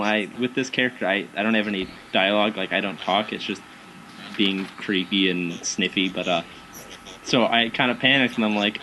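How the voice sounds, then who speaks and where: A man chatting casually as a guest, telling lively anecdotes with frequent fillers and laughs. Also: lowish voice, normal speed, slight background noise, rough recording. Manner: animated anecdotes with acted quotes, frequent fillers. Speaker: guest, haunted house actor. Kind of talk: casual chat, storytelling.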